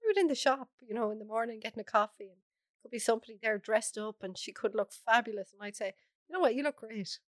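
An Irish woman with a hoarse, bunged-up voice, talking openly and bluntly as an interview guest. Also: on the high side, fast, no room sound, studio quality. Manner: frank, chatty, laughs often. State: hoarse from a cold. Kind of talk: casual interview chat.

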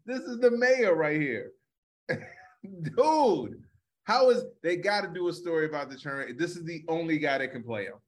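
Male comic co-host, slightly raised pitch, easygoing and laughing a lot. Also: animated, moderate pace. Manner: jokey, laughs often. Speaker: comedian podcast co-host. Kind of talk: casual comedic chat.

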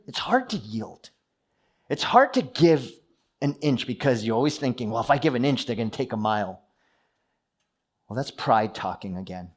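A man preaching a sermon, earnest, with personal stories and questions to the listeners. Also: mid-range voice. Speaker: pastor.

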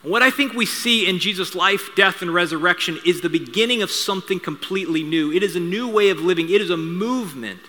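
Brief: male pastor, forceful bright tone, slightly high voice, chatty storytelling sermon. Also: fast talker, few pauses. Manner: conversational storytelling with asides and humor. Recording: reverberant hall sound.

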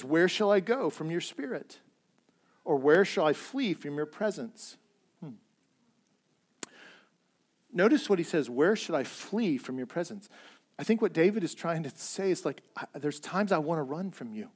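A middle-aged man delivers a sermon in a loose, conversational manner. His voice sits fairly high for a man. He punches key lines loudly, then falls to a soft hush when he quotes. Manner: conversational preaching that swings from loud emphasis to near-whispered quotes. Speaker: pastor.

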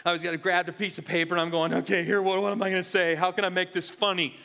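A man's voice: sits high, level tone, very fast, vocal fry, sharp tone. A male pastor preaching a sermon in an earnest, confessional way, often restarting and repeating his words. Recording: hall reverb.

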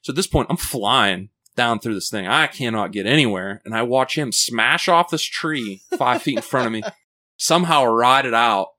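A man's voice: mid-range voice, moderate pace. A man with a mid-range voice spins a long, rambling story in a loose, conversational way. He swears freely, laughs through his own lines, and keeps checking in with "right?" and "you know". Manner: animated, full of fillers like "like" and "right?". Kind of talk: casual storytelling on a podcast.

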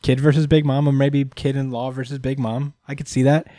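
An animated man hosts a casual recap chat, retelling scenes with plenty of swearing and laughter. His pitch sits in the middle for a man. The sound is dry and close, with no room echo. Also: brisk. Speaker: host.

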